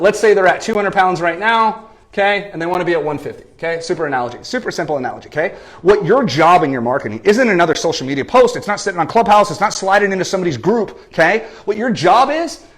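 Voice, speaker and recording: A man in his thirties giving an animated business coaching talk, often checking in with "okay?" and "right?". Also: a little high. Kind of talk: energetic marketing talk. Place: lives in San Diego.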